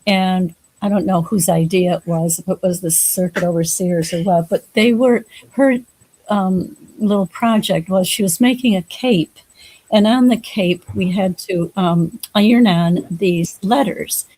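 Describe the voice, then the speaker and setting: A woman co-hosting a live talk show, telling a family story with hesitant pauses. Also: fairly low pitch, dark tone, rough recording. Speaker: co-host. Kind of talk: casual chat.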